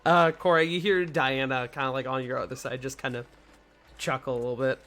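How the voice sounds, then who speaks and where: A woman narrating a tabletop game as game master in a relaxed, halting way, with fillers. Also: extremely low pitch.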